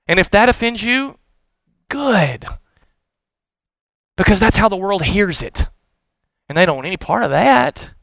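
A middle-aged man preaching a sermon with animated, emphatic bursts. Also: high-pitched, no echo, rough recording. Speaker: pastor.

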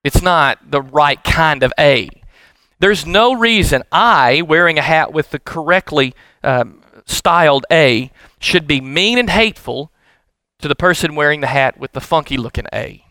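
A middle-aged man preaching a sermon with animated, emphatic bursts. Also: fairly high pitch, moderate pace, dry recording, poor audio. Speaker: pastor.

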